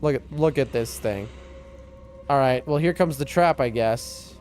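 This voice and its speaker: Streaming a game from his room at home, a man chats loosely and rambles with his viewers, also talking to chat and his cat. His voice is medium-pitched with a darkish tone and a slightly slow pace, over soft background music.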